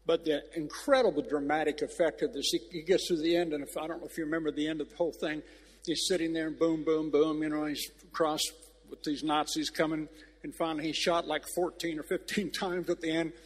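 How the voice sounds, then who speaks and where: A man's voice: a little high, little pitch movement, a little fast, slightly rough, big-room sound. Emotional rambling male preacher in a church. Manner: rambling, emotional storytelling with restarts. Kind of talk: informal sermon. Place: old church.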